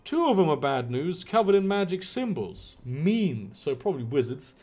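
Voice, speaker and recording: A man's voice: on the high side, sing-song, moderate pace, a little mellow. A man voicing a pushy street dealer with slick sales patter, read aloud from a game. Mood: matter-of-fact.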